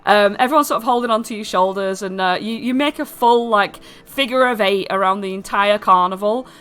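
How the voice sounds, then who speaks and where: Bright woman narrating a game. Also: medium pitch, a little fast, clear, resonant tone. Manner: rambling, filler-heavy description. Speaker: game master.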